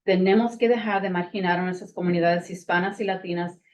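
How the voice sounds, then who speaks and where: A woman with a lowish voice delivers her public comment quickly and urgently. She stands some way from the mic, so she sounds distant. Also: steady tone, a little mellow.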